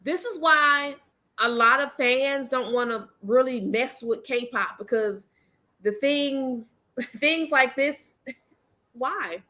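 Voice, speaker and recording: A woman's voice: sits high, slow pace, bright, forceful tone. A woman hosting her own commentary channel, ranting bluntly and emphatically in casual slang and repeating her points.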